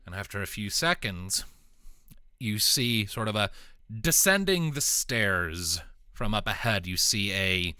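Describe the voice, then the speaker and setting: A man narrating a tabletop game as game master, chatty and quick to laugh, with faint music underneath. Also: on the low side, pushed and bright, clean tone, no room sound, clean studio sound. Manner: laughs often, loose and chatty.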